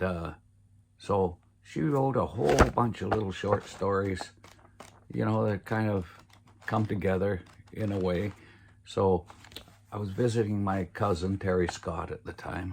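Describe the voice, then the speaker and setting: Older man, folksy rambling storyteller, low register with a gravelly edge. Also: slight background noise. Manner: rambling and folksy, full of "uh" and "you know". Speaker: family storyteller. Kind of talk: casual personal storytelling.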